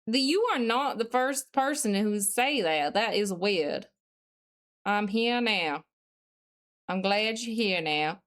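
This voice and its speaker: Woman streamer, unhurried, reads chat aloud and answers, smooth clear voice. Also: mid-range voice, animated, fairly bright tone. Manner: thinks aloud while studying. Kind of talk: casual live-stream chat.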